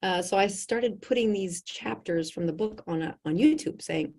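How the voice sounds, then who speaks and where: A middle-aged woman physician telling a story as a podcast guest, animated and laughing often as she acts out what people said. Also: medium pitch, normal speed, few pauses. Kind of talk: conversational storytelling.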